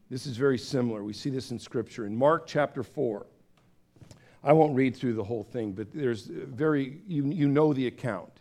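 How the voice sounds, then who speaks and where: A man preaching a sermon in a conversational, storytelling way, acting out voices with big swings of pitch. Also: normal speed, dark tone. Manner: conversational, with fillers and restarts. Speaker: pastor.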